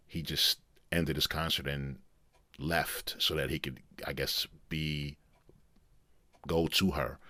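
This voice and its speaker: A man hosting a casual commentary video, talking in a rambling, halting way with many restarts. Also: extremely low pitch, pushed and bright, no room sound. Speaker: commentary host.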